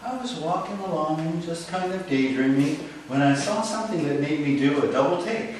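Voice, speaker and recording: A man telling a story on stage in a dramatic, animated way, with pauses for effect, heard from a distant mic in a large echoey hall. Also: fairly high pitch, a little hiss or hum.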